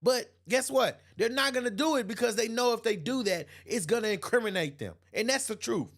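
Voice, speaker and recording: A man's voice: very high-pitched, expressive, a little fast, fairly bright tone. A man hosting an opinion livestream, reading chat comments aloud and answering them emphatically, often repeating himself and laughing. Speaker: host.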